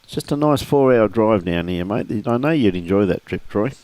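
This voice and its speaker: Male bowls caller, middle-aged, lowish pitch, matey and joking. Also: animated, normal speed, darkish tone, no echo. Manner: jokey, matey banter with frequent laughs. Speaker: lawn bowls commentator. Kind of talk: live sports commentary.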